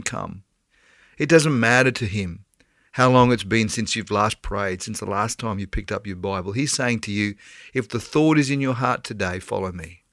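A middle-aged man, a pastor giving a gentle, earnest sermon that slows down on key phrases. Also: mid-range voice, no room sound, studio quality. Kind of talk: devotional sermon.

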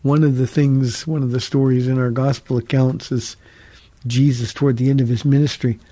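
A man's voice: mid-range voice, little pitch movement, moderate pace, dark tone, no room sound. A man, a pastor, answering listener questions on a radio call-in teaching show in an earnest, conversational way with frequent restarts.

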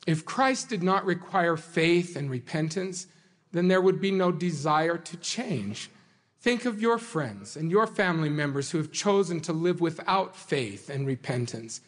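A man preaches to a congregation in an earnest, measured way, letting key phrases land with slow dramatic pauses. His voice sits a little high, and the delivery is unhurried. A long reverb from a large hall trails each phrase. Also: animated. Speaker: speaker addressing a congregation. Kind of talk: sermon.

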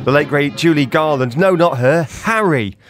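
A man's voice: fairly high pitch, moderate pace, no echo, soft background music. A man hosting a breakfast radio show, chatting casually and laughing easily. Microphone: studio mic.

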